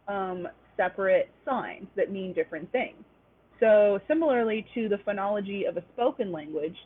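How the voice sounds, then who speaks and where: A woman's voice: medium pitch, husky. A woman presenting an online linguistics lecture, explaining step by step and checking in with "right?". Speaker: webinar presenter. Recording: tinny phone-like webinar audio.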